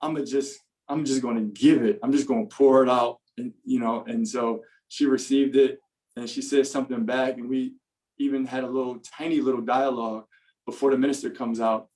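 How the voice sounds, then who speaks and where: A man, a podcast guest, casually telling a story in an animated way, laughing often and filling his talk with "like" and "you know". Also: medium pitch, a little fast, poor audio.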